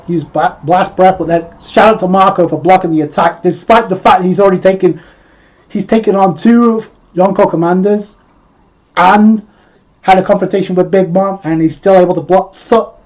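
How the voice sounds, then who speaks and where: A man reviewing an anime episode in a casual video, excitedly retelling its scenes in a loose, rambling way. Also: sits high, poor audio.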